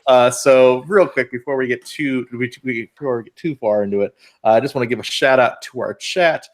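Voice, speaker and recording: A man's voice: medium pitch, brisk. A man from the US West Coast hosting a casual live-streamed podcast, rambling and restarting his sentences. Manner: rambling, repeats words and restarts. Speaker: podcast host.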